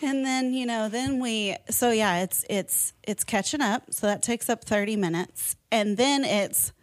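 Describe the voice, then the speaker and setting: A woman's voice: on the high side, unhurried, dry recording. A woman in her thirties co-hosting a casual podcast chat, telling funny stories and laughing often. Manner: giggly, laughs often, animated storyteller. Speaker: podcast co-host.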